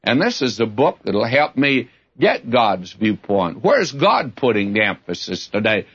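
A man's voice: medium pitch, sing-song, unhurried, a bit bright, breathy edge. A man teaching the Bible in a folksy, conversational sermon, asking rhetorical questions as he goes. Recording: dull lo-fi broadcast recording.

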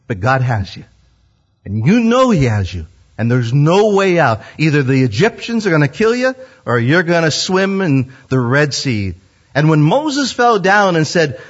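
Man, middle-aged, preaching, fairly high voice, husky, animated storytelling. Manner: animated storytelling, acts out quotes. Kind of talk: sermon. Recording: dull lo-fi sound.

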